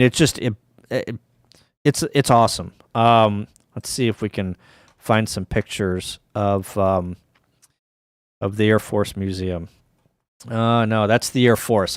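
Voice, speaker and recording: A man's voice: on the low side, smooth, no echo, clean studio sound. Tired, rambling man hosting a livestream. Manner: rambling, hesitant, full of ums and restarts, wry asides. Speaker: ham radio livestream host. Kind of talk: casual rambling livestream chat.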